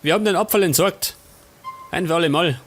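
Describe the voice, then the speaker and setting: A man's voice: on the high side, fast talker, faint music behind. A man with a Bavarian accent giving casual let's play commentary, muttering to himself as he plays. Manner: muttering to himself while playing. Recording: commentary over noisy game audio.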